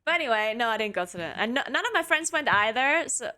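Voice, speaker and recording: A woman with a bright, fairly high voice chats casually to her stream viewers from home. She talks in loose, rambling runs, full of "like" and "um" and restarts, close on a desk mic. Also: expressive, quick pace. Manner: chatty, many fillers and restarts. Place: home apartment.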